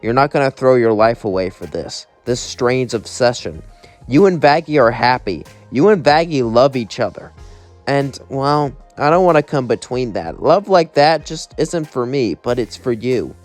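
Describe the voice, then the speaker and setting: A streetwise male spider demon speaks in a casual, resigned way, as a man voices him at a middle pitch. Faint music runs behind this fan-made story. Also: expressive, normal speed, close to an everyday voice.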